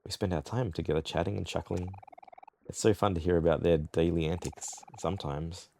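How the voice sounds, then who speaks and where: A man voicing a huge friendly whale from a video game, reading its lines softly and low. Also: fairly even intonation, a little fast, creaky, slight background noise. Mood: cozy. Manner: soft, murmured reading of game dialogue. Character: huge friendly whale who swallowed guests.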